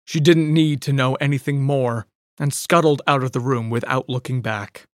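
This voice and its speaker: A narrator reading a story aloud in a measured, reflective manner. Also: medium pitch, steady tone, no room sound, clean studio sound. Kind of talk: scripted audiobook narration.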